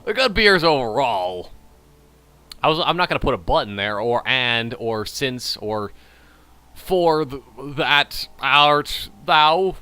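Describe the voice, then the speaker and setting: Bright-voiced man rambling over gameplay. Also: medium pitch, very animated, a little slow, dry recording. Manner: rambling, jokey, self-mocking; frequent trailing restarts. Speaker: gaming channel host. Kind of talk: casual gameplay commentary while drinking beer.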